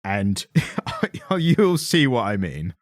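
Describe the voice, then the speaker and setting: A man's voice: on the low side, wildly swooping pitch, extremely slow, no echo, studio quality. A man co-hosting a comic book podcast in casual chat, rambling with many restarts and voicing his own past thoughts. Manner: rambling, restarts mid-sentence, quotes himself in voices. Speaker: podcast co-host.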